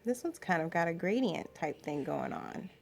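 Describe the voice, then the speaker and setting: A woman's voice: fairly low pitch, lively intonation, moderate pace, creaky, soft background music. A young woman vlogging at home in a casual, rambling chat with lots of fillers.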